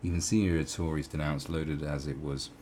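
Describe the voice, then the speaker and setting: A man's voice: a bass voice, steady tone, normal speed, warm tone, a little hiss or hum. A man giving sarcastic, profane commentary as he reads an article aloud, with mocking asides. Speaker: online commentator.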